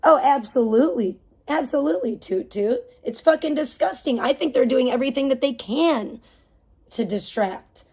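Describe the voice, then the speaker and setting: A woman's voice: sits high, animated, moderate pace, a little mellow, slightly rough. A woman livestreaming and reading her chat, ranting casually with heavy swearing, indignant and rambling. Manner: rambling with fillers and restarts.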